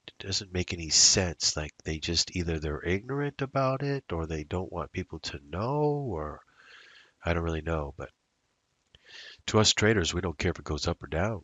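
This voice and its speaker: Very deep and a little bright, a man's voice comes through without echo as he comments live on his day trades over a screen recording. He rambles, speaking to himself and drifting into idle musings.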